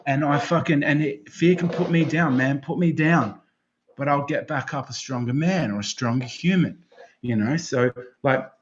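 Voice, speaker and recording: A man's voice: on the high side, moderate pace, slight background noise. Foul-mouthed rambling man. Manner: swears constantly, rambling and excitable. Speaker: podcast guest. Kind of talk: casual interview chat. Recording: slightly dull lo-fi sound.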